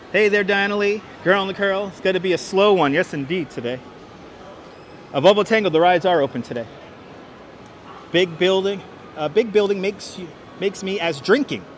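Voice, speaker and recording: A man's voice: high voice, fairly bright tone, a little hiss or hum. Upbeat man greeting livestream viewers. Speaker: livestream host. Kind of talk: walking livestream, reading chat aloud. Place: city streets and a large indoor station hall. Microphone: wireless clip-on mic.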